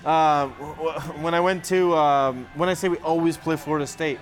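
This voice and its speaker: Podcast co-host, man, slightly high voice, profane joking storyteller, faint music under. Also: fairly even intonation, moderate pace. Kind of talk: casual sports banter.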